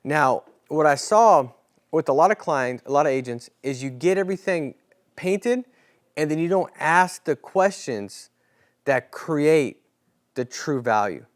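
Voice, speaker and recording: Lively man coaching a sales class. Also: on the high side, unhurried. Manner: casual, animated coaching with role-played client dialogue. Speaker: sales trainer.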